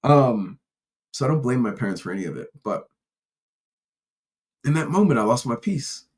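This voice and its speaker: A man's voice: mid-range voice, animated, normal speed, a little mellow. A man hosting a casual solo podcast, telling personal stories in a rambling, candid way with restarts and casual profanity. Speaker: podcast host.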